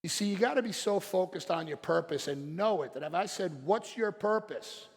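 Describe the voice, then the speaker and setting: A man's voice: sits high, lively intonation, moderate pace. Blunt man speaking in a reverberant hall. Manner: blunt, storytelling, acts out quotes. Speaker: seminar speaker. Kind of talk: motivational stage talk.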